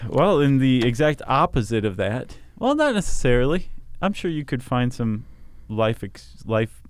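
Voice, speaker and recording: A man's voice: medium pitch, big pitch swings, normal speed. A man co-hosting a podcast in casual chat, with dry joking asides. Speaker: podcast co-host.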